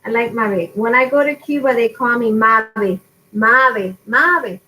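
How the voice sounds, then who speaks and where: A woman's voice: fairly high pitch, normal speed, pushed and bright, rough recording. A woman in her forties hosting a casual craft tutorial livestream, chatty and often laughing as she drifts off topic. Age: 40s. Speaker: craft channel host.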